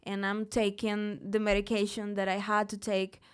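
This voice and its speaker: A woman's voice: medium pitch, completely flat delivery, normal speed, clear, resonant tone. A young woman from Mexico, a singer, speaking openly and emphatically in a live interview, often restarting her words. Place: live event in a studio.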